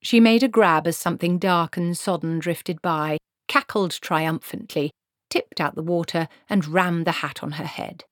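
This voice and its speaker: A woman reading a comic fantasy novel aloud in a wry, expressive storytelling manner. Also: lowish voice, a little slow, dry recording, clean studio sound. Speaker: audiobook narrator. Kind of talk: scripted narration.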